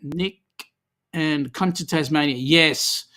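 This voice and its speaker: A man's voice: on the high side, takes it slowly, sharp tone. An Australian man hosting a casual livestream, reading viewer comments aloud in a chatty, easygoing way with lots of ums. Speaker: livestream host.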